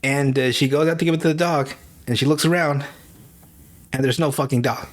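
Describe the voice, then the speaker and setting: A podcast host recaps a movie's plot in a loose, laughing style full of swearing. His voice sits at medium pitch and moves a little fast.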